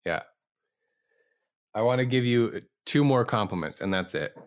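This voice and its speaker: A man's voice: medium pitch, expressive, a little slow, clean tone. A man, an improviser co-hosting a podcast, talking earnestly and reflectively about improv. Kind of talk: casual chat reviewing an improv show.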